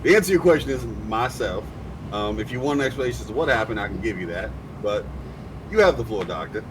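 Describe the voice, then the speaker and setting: Guy playing a chill deadpan vampire rogue, weirdly formal, noisy mic. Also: lowish voice, natural voice. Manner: calm, deadpan, deliberately formal.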